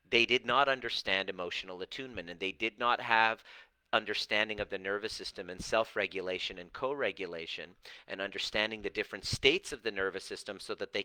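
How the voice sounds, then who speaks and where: A middle-aged man talking straight to viewers as a coach, animated and emphatic. He slows down on key words to drive them home. His voice is bright and forceful, recorded close and dry. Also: lowish voice, dry recording, low-quality recording. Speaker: personal growth coach. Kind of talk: direct-to-camera coaching talk.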